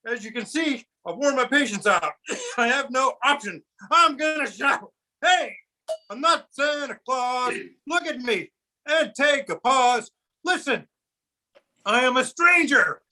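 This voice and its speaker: A man voicing a grumpy old grandpa who is sick of being mistaken for Santa, ranting and singing in a high, bright put-on voice. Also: lively intonation, measured pace, full character voice, poor audio. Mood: cranky. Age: older. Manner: cranky, ranting, sings and shouts. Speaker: puppeteer. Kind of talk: comic puppet song.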